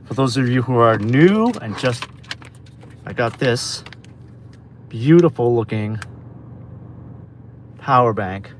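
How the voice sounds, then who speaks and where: A man's voice: medium pitch, animated, slow, pauses often. A man from New York chatting casually with viewers on a livestream while he drives deliveries in his car, with road noise behind him. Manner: chatty, talks to viewers while reading orders aloud. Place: inside a car on city streets. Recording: phone mic with road noise. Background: car and traffic noise.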